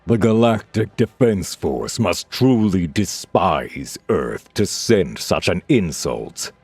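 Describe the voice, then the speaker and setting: Male narrator as hulking alien warlord: slow, scornful, deep voice. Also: animated, darkish tone, breathy edge, no echo, full character voice. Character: huge arrogant male alien warrior, booming.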